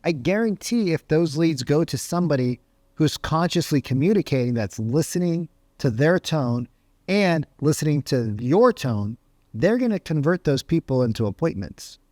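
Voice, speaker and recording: A man's voice: a little high, expressive, normal speed, a little mellow, no echo, clean studio sound. A man giving a motivational talk as a sales coach, emphatic and full of rhetorical questions. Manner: emphatic, asks rhetorical questions, says "right?" often.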